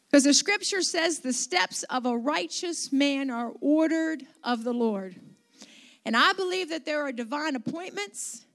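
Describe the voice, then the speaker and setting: A middle-aged woman pastor telling a story in a conversational sermon, with restarts and asides. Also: high voice.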